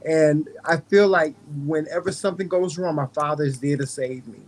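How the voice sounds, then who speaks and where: Man, Southern US drawl, slightly high pitch, earnest, stammering restarts, casual chat. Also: fairly even intonation, moderate pace, a little mellow, slight background noise. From North Carolina. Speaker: host. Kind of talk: casual conversation.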